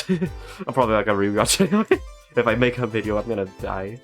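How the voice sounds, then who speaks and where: Lower-voiced man streaming a game casually. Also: lively intonation, fast, fairly bright tone, faint music behind. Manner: rambling, self-deprecating, chuckling. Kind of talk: casual let's-play commentary.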